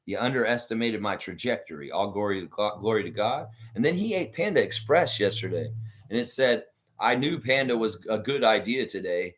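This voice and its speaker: Hoarse, fired-up man hosting a live stream. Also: fairly low pitch, a little fast. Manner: animated, reads chat messages aloud, swears freely. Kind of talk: casual live-stream sports chat.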